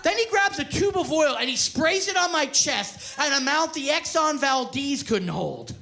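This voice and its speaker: Loud profane male stand-up comic. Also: very high voice, big pitch swings, moderate pace, vocal fry. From Canada. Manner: profane, loud, crowd-baiting delivery. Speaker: stand-up comedian. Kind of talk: stand-up comedy set. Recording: live club set with loud crowd laughter.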